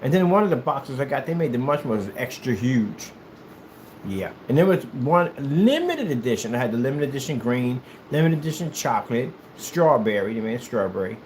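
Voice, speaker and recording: A man from the United States chatting casually while he plays, telling rambling, animated stories in a hyperactive way. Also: mid-range voice, moderate pace, a little hiss or hum. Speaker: gaming streamer. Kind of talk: casual chat while playing.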